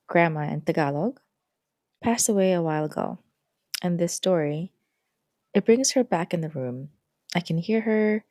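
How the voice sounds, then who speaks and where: A woman podcast host, gently and reflectively reading a story aloud. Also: fairly low pitch, gravelly, no room sound, studio quality.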